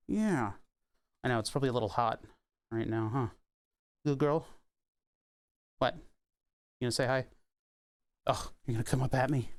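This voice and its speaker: A man chats casually on a live stream from his workshop, slipping into a high sing-song voice whenever he talks to his puppy. He laughs often, and his voice sits at a middling pitch. The sound is dry and close, with no room echo. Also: expressive, normal speed, pauses often, clean tone. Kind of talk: casual chat.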